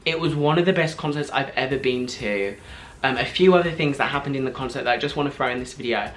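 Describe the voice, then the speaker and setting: A man's voice: medium pitch, a bit bright, a little hiss or hum. Gushing young man telling a story. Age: 20s. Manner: gushing, fast, filler-heavy with frequent "like". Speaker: vlogger. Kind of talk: excited storytelling to camera.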